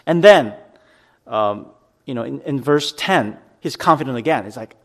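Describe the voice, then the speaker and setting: Male pastor, unhurried sermon delivery, earnest and plainspoken. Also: medium pitch, animated. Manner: slow, earnest preaching with dramatic scripture reading.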